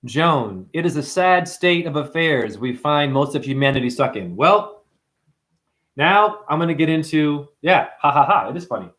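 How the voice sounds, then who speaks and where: Animated preachy man ranting. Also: on the high side, moderate pace. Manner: preachy, confrontational, swings between hushed and loud. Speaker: livestream host and numerology teacher. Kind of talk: ranting livestream monologue.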